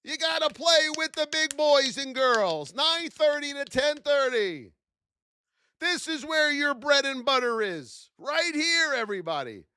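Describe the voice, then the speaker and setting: A man hosting a live-stream trading lesson, animated and full of rhetorical questions, shouting out his viewers. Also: very high voice, a little slow, dry recording.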